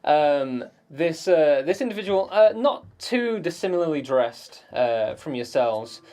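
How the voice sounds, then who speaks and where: Slow, halting dungeon master. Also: male voice, a little high, lively intonation, a little mellow. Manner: hesitant, many fillers and restarts, laughing often. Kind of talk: narrating a tabletop game.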